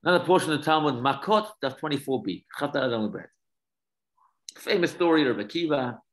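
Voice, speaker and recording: Man of average pitch teaching scripture; animated storyteller, explains terms on the fly. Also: quick pace, rough recording. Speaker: Torah teacher. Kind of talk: teaching a study class.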